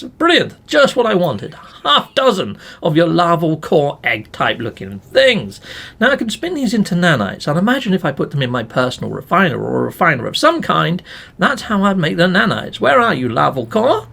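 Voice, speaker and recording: A playful man commenting on his game, high-pitched and bouncy with a lively melody. His voice is gravelly and a touch husky, and he chats away to his viewers with mild swearing. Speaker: let's play gamer.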